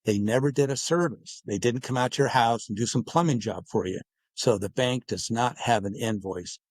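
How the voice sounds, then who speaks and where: A man appears as a guest author on a podcast, speaking in a mid-range voice at a moderate pace with no room sound. He explains his points at length and acts out bits of dialogue as quotes.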